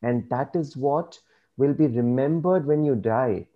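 A man speaking as an interview guest, earnest and measured, giving reflective advice. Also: mid-range voice, narrow, tinny audio.

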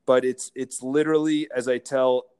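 A man, a real estate broker, telling stories as a guest in a casual interview, lively and laughing as he goes. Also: mid-range voice, moderate pace, smooth. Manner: animated, acts out quotes, laughs while telling stories.

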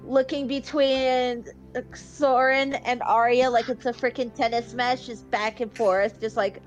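High-voiced woman, halting speech. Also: steady tone, faint music behind. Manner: halting, many fillers. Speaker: player. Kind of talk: tabletop game narration of her character. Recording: slightly muffled sound.

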